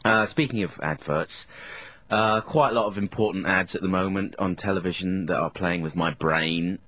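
A man's voice: sits low, normal speed, a bit bright. A man co-hosting a radio show, telling rambling, self-mocking anecdotes in casual banter. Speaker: radio co-host.

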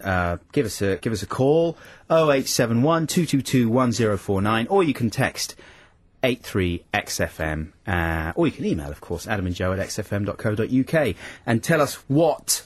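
A man's voice: lowish voice, expressive, normal speed, no room sound. A man co-hosting a radio show, chatting in casual banter with a rambling, apologetic manner. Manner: rambling, apologetic, laughs often. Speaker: radio co-host.

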